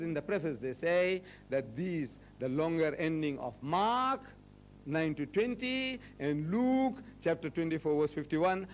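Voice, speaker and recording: A man's voice: fairly high pitch, slight background noise, rough recording. A man in his sixties giving a public lecture to a university audience, rhetorical and teasing, hammering points home with repetition. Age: 60s. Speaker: Muslim lecturer.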